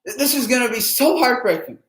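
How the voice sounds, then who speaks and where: A man's voice: extremely high pitch, very animated, fairly quick, a bit bright, reverberant. Anxious sighing male sports fan. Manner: anxious, pleading, heavy sighs. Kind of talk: live game reaction stream.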